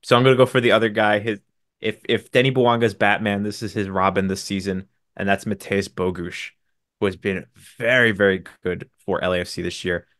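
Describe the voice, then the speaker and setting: A man co-hosting a sports podcast, briskly running through signings and stats with dry, sarcastic asides. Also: fairly low pitch, fairly even intonation, a bit bright, no room sound. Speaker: podcast co-host. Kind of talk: casual sports podcast chat.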